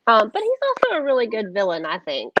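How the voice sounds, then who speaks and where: A woman's voice: mid-range voice, huge pitch swings, fast. Easygoing woman, muffled noisy audio. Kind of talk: casual chat.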